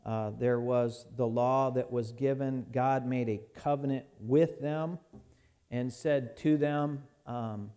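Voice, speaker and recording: A man's voice: medium pitch, fairly even intonation, slow, warm tone, clear, resonant tone. A man preaching a sermon as pastor in a church, folksy and conversational, often restarting his phrases.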